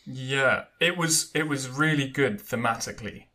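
Male podcast co-host, bright voice, chatty, hesitant fillers. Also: mid-range voice, moderate pace. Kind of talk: casual chat.

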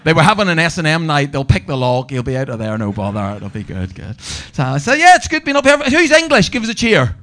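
Brisk with few pauses, this comedian from Northern Ireland swings his pitch hugely, his voice on the high side and a bit bright. He's doing a brash, sweary live stand-up set on a comedy venue stage, teasing the crowd.

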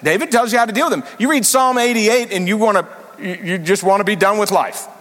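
A man preaching a sermon as senior pastor, animated and emphatic, sometimes rising suddenly loud. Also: high voice, fairly quick, big-room sound.

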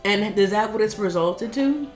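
A woman's voice: mid-range voice, faint music behind. Blunt woman retelling a video, echoey room. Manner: blunt, quick retelling with frequent swearing. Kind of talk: casual storytelling chat.

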